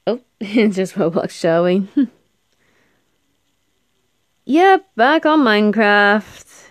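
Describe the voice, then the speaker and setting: A woman's voice: medium pitch, animated, drawn-out words, dry recording, clean studio sound. A young woman live streaming a game, chatting casually with viewers, tired and yawning as she talks. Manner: chatty, greets viewers, yawns and laughs often.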